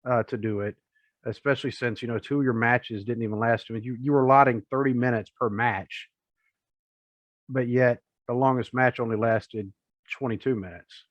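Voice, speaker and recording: A man's voice: mid-range voice, fairly even intonation, moderate pace, no echo. A man, co-hosting a wrestling podcast in a rambling, chatty, joking way. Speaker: podcast co-host. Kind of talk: casual chat. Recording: dull lo-fi podcast audio, dry.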